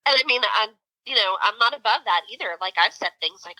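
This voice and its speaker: Bright-voiced chatty woman. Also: a little high, quick pace, no room sound, rough recording. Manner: animated storytelling, many fillers. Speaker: podcast co-host. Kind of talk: casual chat.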